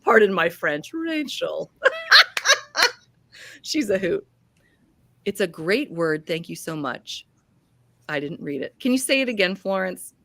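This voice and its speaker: Animated, bright-voiced woman hosting a live chat. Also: mid-range voice, takes it slowly, vocal fry, long pauses. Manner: gushing, reads out viewer comments. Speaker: host of a live book chat. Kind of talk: casual live-stream chat.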